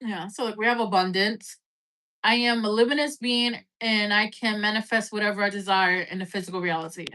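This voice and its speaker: A woman with a slightly high voice hosts a relaxed live tarot reading. She talks in a loose, rambling way, filling gaps with "like" and "right?" and swearing casually now and then. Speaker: tarot reader.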